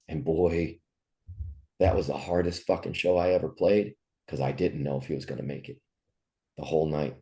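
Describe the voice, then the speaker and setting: Very deep gravelly man, raw and candid. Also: normal speed, dark tone. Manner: raw, profane, heartfelt. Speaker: musician guest. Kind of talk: candid interview storytelling.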